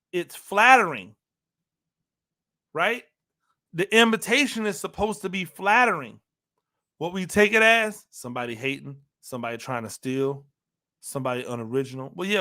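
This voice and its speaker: A man delivers an animated football talk monologue in a high, bright voice. He hammers his points home by repeating phrases and keeps throwing rhetorical questions at his listeners. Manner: emphatic, repeats phrases for emphasis; talks to listeners directly, asks rhetorical questions. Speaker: football analyst host.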